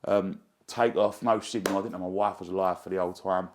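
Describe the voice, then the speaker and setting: Interview guest, man, lowish voice, excitable rambling raconteur. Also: fairly quick, slight background noise. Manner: excitable, rambling, fond of slang. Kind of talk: animated anecdote telling.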